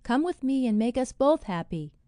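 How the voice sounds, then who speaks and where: A woman's voice: high-pitched, sing-song, normal speed, mellow, no room sound, studio quality. A woman reading a storybook and voicing a young fairy prince who speaks coolly and with reproach. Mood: cold. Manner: cool, reproachful.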